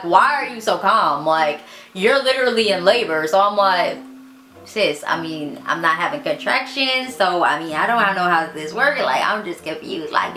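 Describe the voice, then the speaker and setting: A woman's voice: mid-range voice, echoey room. A young woman chatting casually as she tells her birth story, full of "like" and "girl", acting out what other people said. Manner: animated, acts out the voices of others in quotes.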